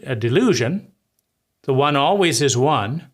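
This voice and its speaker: A man's voice: medium pitch, animated, measured pace. A man giving an impassioned lecture on trauma, emphatic and sweeping, piling phrase on phrase. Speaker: trauma speaker.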